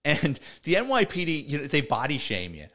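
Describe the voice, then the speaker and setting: A man's voice: a little high, wildly swooping pitch, fairly quick, fairly bright tone. A middle-aged man, a retired police officer, telling stories in a casual, conversational way, full of "he goes" and "I says". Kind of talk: casual storytelling podcast.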